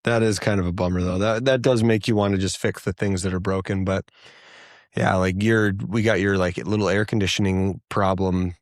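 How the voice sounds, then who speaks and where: A man's voice: low voice, steady tone, normal speed, no room sound, studio quality. A man in his thirties co-hosting a podcast, easygoing and reflective in casual chat. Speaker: podcast co-host.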